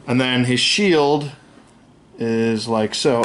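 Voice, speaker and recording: A man's voice: medium pitch, expressive, slow, a little hiss or hum. A man talks through an action figure review in a loose, unscripted way, voicing his gripes bluntly and cursing without a second thought. His sentences wander, restart and fill up with ums and uhs as he handles the toy. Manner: candid, griping, swears freely; rambling with many fillers and self-corrections.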